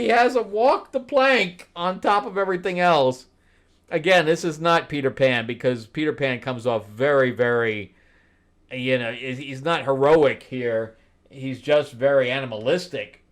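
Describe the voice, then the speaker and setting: A man hosting a comic book review show, talking casually, bluntly exasperated, laughing often and swinging from low mutters to loud disbelief. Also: measured pace. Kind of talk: casual spoken review commentary.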